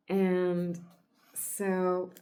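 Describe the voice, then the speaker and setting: A woman hosting a book podcast retells a comic's plot in an animated, storytelling way, laughing often. Her voice sits low and she takes her time. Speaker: podcast host.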